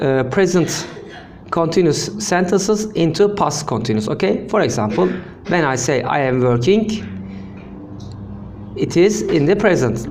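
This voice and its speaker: Slow, gravelly male English teacher. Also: fairly high pitch, a little mellow, a little hiss or hum. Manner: slow, repeats example sentences, frequent "okay?". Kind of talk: language lesson.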